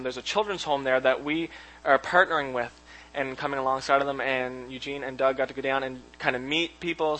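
A man gives a relaxed, talky sermon from the front of a church, and his voice sits a little high for a man. His tone is bright and pointed. He keeps it casual and informal, with easy chuckles and restarts as he goes. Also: rough recording. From Canada. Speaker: pastor. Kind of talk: conversational sermon. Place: church sanctuary.

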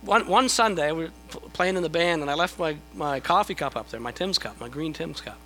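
A man's voice: on the high side, expressive, a little fast, sharp tone, a little hiss or hum, rough recording. A middle-aged man preaching a sermon in a conversational, self-deprecating way, often repeating his words as he starts a thought. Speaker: pastor.

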